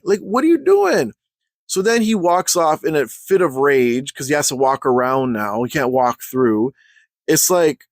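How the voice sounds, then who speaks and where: A man telling a story in a casual rant for his vlog, heated and full of slang, clearly fed up. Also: medium pitch, dry recording. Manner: heated, slangy, exasperated ranting.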